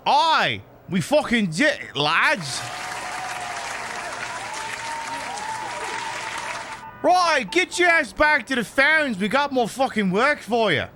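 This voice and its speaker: Man doing a loud, high-pitched cartoonish British bloke, cheeky and profane. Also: sing-song, a little slow, faint music behind, some chatter behind, full character voice. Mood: rowdy. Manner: loud, swearing, exaggerated put-on accent. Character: rowdy mock-British bloke, adult man, brash and cheeky.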